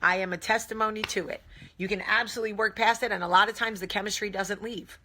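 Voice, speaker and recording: Jersey woman host, bright forceful voice, blunt and jokey, casual live chat. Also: mid-range voice, steady tone, quick pace. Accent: New Jersey. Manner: candid, jokey, blunt, sometimes profane.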